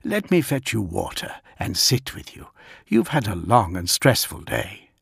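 A man voicing a gentle, tactful male warrior officer who speaks in a soothing, courteous way, as an audiobook character voice. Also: lowish voice, wildly swooping pitch, measured pace, creaky, husky, dry recording, clean studio sound, exaggerated voice.

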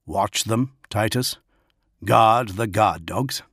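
A man voicing a calm, commanding male lord who speaks low and half-whispered. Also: slow pace, husky, no echo, studio quality, exaggerated voice.

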